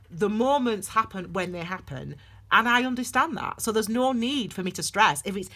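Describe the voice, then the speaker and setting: Woman, tarot reader, casual vlog talk, animated, digressive, bright tone. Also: medium pitch. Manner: calls viewers "my darlings".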